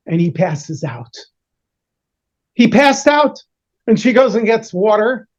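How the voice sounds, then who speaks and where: A man's voice: high voice, slow pace, pauses often, highs cut off. A man, a rabbi, telling a story to children, playfully acting out the characters' voices and mixing in Yiddish and Hebrew words. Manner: animated, acts out the characters' voices in short bursts. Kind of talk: storytelling to children over a video call.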